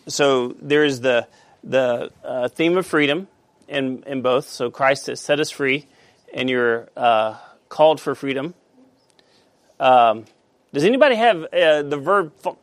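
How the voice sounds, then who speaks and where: Guy teaching bible study, gravelly voice, lots of uhs, asks the class stuff. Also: mid-range voice, no echo. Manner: halting, many fillers, asks the class questions.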